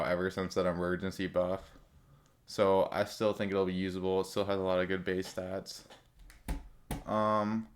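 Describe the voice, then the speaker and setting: Guy with a lowish voice rambling about game updates, slangy, lots of "like" and "um". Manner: rambling, loose slangy talk with many fillers. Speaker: gaming content creator. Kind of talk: casual commentary on game updates.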